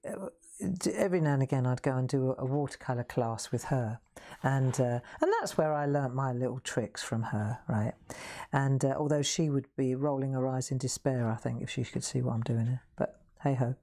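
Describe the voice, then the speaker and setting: A chatty woman hosts a live craft session, talking through her painting in a low voice. She is reassuring and pokes fun at herself. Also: a little fast, mellow. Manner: chatty, self-deprecating, reassuring. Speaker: craft host.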